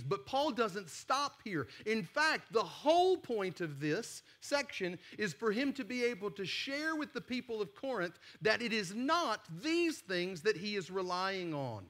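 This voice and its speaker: Man, Southern American accent, high-pitched, pastor, lively conversational sermon. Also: a little slow, hardly any pauses. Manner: animated, emphatic, conversational preaching with rhetorical questions. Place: church sanctuary.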